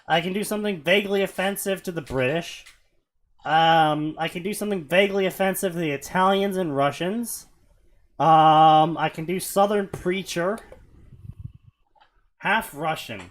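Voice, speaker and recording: A man's voice: high-pitched, normal speed. A man chatting casually on a late-night stream, rambling and joking at his own expense. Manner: rambling, self-deprecating, animated. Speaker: streamer reading fanfiction.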